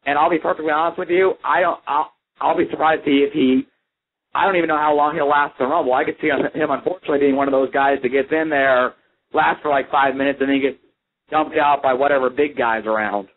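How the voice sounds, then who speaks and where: Slightly high-voiced man, tinny line. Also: fairly even intonation, fast. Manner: storytelling, full of "like" and "um". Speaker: radio show co-host. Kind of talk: casual wrestling chat. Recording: tinny phone-line sound.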